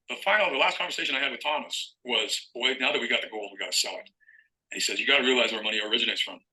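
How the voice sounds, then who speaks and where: A man's voice: medium pitch, sharp tone, rough recording. A middle-aged man telling a long story in an interview as a guest author, acting out phone calls as he goes.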